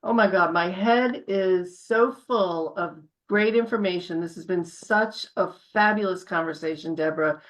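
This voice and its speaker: A woman's voice: on the low side, unhurried, hardly any pauses. A woman hosting a casual video chat, upbeat as she passes on questions from the audience. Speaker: host.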